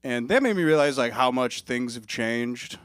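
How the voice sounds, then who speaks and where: A man's voice: medium pitch, lively intonation, normal speed, fairly bright tone, clear, resonant tone, dry recording. A man hosting a comedy showcase on a club stage, bantering loosely between acts and hyping up the next comic. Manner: rambling, hype-building banter. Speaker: emcee host.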